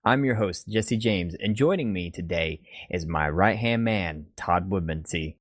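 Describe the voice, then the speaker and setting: A man's voice: sits low, unhurried, no echo. A man hosting a casual gaming podcast, teasing his co-hosts in joking banter. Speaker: podcast host.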